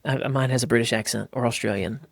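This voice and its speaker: A man's voice: medium pitch, fairly even intonation, fast, gravelly, no echo, clean studio sound. An American man co-hosting a casual podcast, talking bluntly and energetically, often mimicking other voices. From United States. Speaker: podcast co-host.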